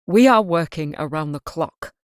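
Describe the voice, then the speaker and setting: A woman's voice: deep voice, expressive, normal speed, clean tone, no echo, studio quality. A woman voicing a worried male detective inspector who answers hesitantly and apologetically in an audiobook. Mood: apologetic. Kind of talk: audiobook character reading.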